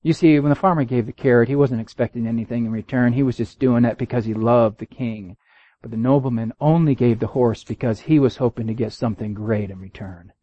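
A man preaching a sermon, telling a story and reading scripture, his voice swinging from loud and high to low and quiet. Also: fairly quick, no room sound. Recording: dull, dry lo-fi recording.

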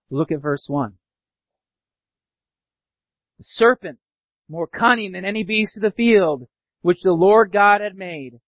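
A pastor preaching a sermon, animated, sometimes acting out sarcastic voices. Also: male voice, high-pitched, dry recording. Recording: dull dry lo-fi sound.

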